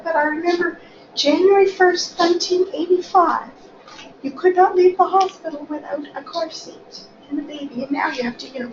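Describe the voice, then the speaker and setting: Hoarse, very high older woman in echoey room. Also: recorded from a distance. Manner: chatty, self-deprecating, asks the group questions. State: hoarse from coughing. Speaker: small-group facilitator, department chair. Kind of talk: leading a small-group class discussion. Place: classroom or meeting room. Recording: echoey lo-fi room recording with background noise.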